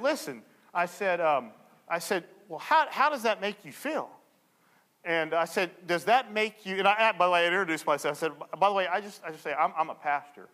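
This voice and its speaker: A male pastor preaching a sermon, telling a story and acting out the people in it with lively energy. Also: a little high, in a large hall. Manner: animated storyteller acting out dialogue.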